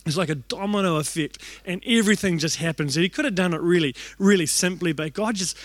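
A young New man preaches through personal stories, lively and quick to poke fun at himself as he acts out his own thoughts. His voice sits high. The sound is dry and close, with almost no room echo. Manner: animated, acts out quoted thoughts, self-deprecating humor. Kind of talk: storytelling sermon.

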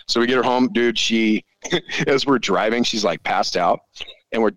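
A man in his forties, a podcast guest telling stories in casual chat, swearing freely and animated. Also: mid-range voice, normal speed, dry recording. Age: 40s. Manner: profane, animated storyteller.

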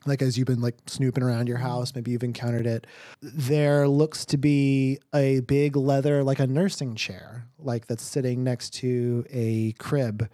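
Slow-talking man narrating a tabletop game. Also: mid-range voice, level tone, dark tone, no echo, studio quality. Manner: meandering, filler-heavy narration. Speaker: game master.

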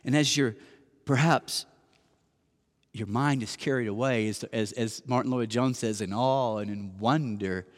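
A man's voice: medium pitch, a little slow. Conversational male pastor in a reverberant hall. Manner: conversational, self-deprecating, rhetorical questions. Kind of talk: sermon. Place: church sanctuary. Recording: long church hall reverb.

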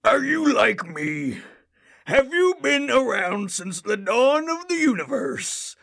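A man voicing an ancient male cosmic deity in a strained, creaky comedy voice. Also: extremely high pitch, sing-song, takes it slowly, pushed and bright, full character voice. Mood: solemn.

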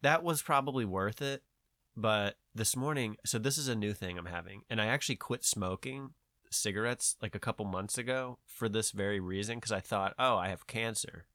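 A man's voice: on the low side, normal speed, no room sound. Nasal man rambling in casual chat. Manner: rambling, profane, animated storytelling. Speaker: podcast host.

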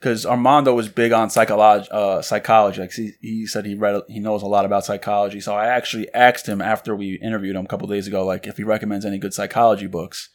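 A man co-hosting a relaxed chat, talking loosely with many fillers and acting out quoted lines. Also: fairly low pitch, quick pace, few pauses. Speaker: podcast co-host. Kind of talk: casual chat about books.

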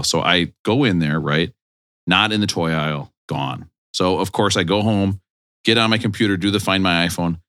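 A man's voice: low-pitched, normal speed, no echo, clean studio sound. A middle-aged man co-hosting a podcast, telling stories in casual chat and acting out the lines he quotes. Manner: animated anecdotes, acts out quoted lines. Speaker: podcast co-host.

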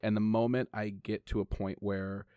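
A man who does stand-up comedy, talking casually and quickly as a podcast co-host, swearing now and then. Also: lowish voice, level tone, mellow, clear, resonant tone, no room sound, clean studio sound.

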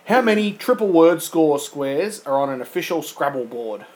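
A man's voice: on the high side, lively intonation, normal speed, darkish tone, poor audio. A man from Australia hosting a quiz in casual chat, joking and teasing while reading out the questions. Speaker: quiz host of a podcast.

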